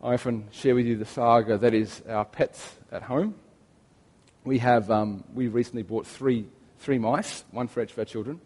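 A man in his thirties preaching a sermon as pastor, telling stories in a chatty way with gentle humor. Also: medium pitch, steady tone, moderate pace, in a large hall. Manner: conversational storytelling with gentle humor.

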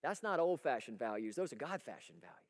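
A man preaching a folksy, energetic sermon and asking the congregation for agreement. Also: medium pitch, fast talker, long reverb tail. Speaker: pastor. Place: church sanctuary.

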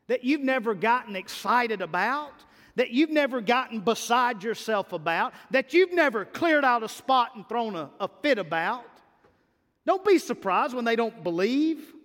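A man pastor delivers a fervent Easter sermon in a high, bright-pitched voice. He keeps hammering his points home with emphatic repetition and stammered restarts. His voice carries a long reverb through the church sanctuary.

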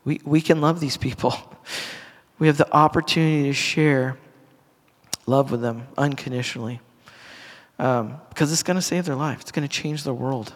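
A man's voice: medium pitch, normal speed. A middle-aged man, a pastor, giving a casual, earnest sermon to a congregation in a church hall, talking conversationally with restarts and asides. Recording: long reverb of a church hall.

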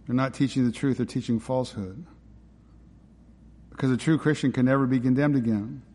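A man's voice: mid-range voice, fairly even intonation, fairly quick, mellow. A man preaching a sermon in an emphatic, conversational way, often asking his listeners rhetorical questions. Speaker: pastor. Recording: long hall reverb.

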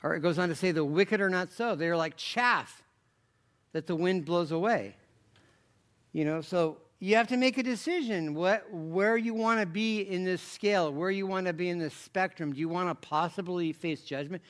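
High-voiced pastor, rambling and emphatic. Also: male voice, moderate pace, fairly bright tone. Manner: rambling, self-deprecating asides, rising emphatic bursts. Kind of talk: conversational sermon.

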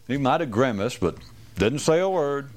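A man's voice: medium pitch, expressive, normal speed, a little hiss or hum. A man giving a rambling, wry talk to a small group, restarting sentences and acting out quoted voices.

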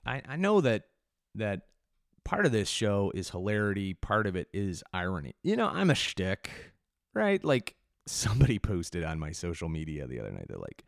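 Man, podcast host, lowish voice, dry close sound, rambling, self-mocking, irreverent. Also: wildly swooping pitch, normal speed, gravelly, no echo. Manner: restless delivery with frequent restarts and sudden jumps in energy. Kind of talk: solo podcast monologue.

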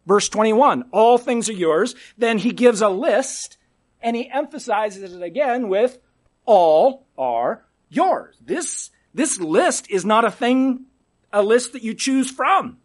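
A male preacher with a high voice that swings widely as he delivers a sermon. He lingers over his words, unhurried and deliberate, and often sinks to a near hush on the key phrase. He keeps putting rhetorical questions to his congregation. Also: lively intonation. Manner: emphatic, dramatic drops to quiet for emphasis.

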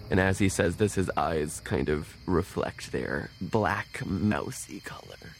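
Slow, gravelly man playing a tabletop game. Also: low voice, soft background music. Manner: slow, halting description. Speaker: player. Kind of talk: describing actions in a tabletop game.

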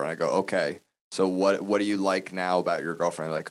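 A man co-hosting a talk show in a lowish voice. He talks fast and states blunt opinions without hedging. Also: steady tone. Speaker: podcast co-host. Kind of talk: casual crude chat.

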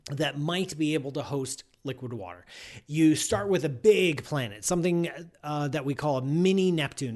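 A slightly high-voiced man hosts a live science show in a loose, casual way. He is animated and playful, working himself up into mock outrage and wandering off into digressions with plenty of restarts.

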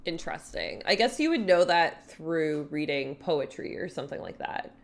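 A woman's voice: low-pitched, expressive, moderate pace, gravelly. A woman co-hosting a podcast, recapping a TV episode in casual chat with a dry, wry manner. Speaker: podcast co-host.

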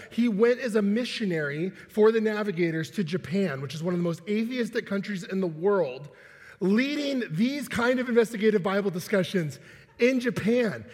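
Young guy preaching, husky voice, big echoey church hall, acts out the voices. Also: sits high. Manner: animated, acts out quoted voices with laughs. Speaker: pastor. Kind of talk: sermon with storytelling. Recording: long hall reverb.

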